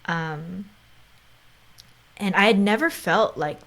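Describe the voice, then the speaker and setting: A woman's voice: lowish voice, slow, gravelly, a bit bright. A woman in her thirties hosting a podcast, speaking in casual conversation with an earnest tone. She often drops to a near whisper and fills her talk with "like" and "right?". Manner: heavy use of "like" and "right?". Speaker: podcast host.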